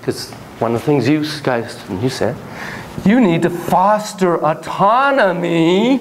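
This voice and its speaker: A man giving an animated classroom lecture on parenting, theatrical and jokey, acting out quotes. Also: on the high side, slow pace, a little hiss or hum, poor audio. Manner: theatrical, acts out quotes and monkey shrieks, jokey asides.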